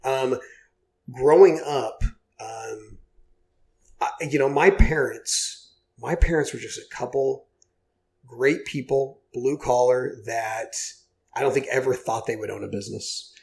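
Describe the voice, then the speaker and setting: Forties man, podcast guest, mid-pitched, heartfelt and earnest, full of you-knows. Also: unhurried, creaky, a little mellow. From Oklahoma. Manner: earnest, heartfelt storytelling with many fillers. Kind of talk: casual podcast interview.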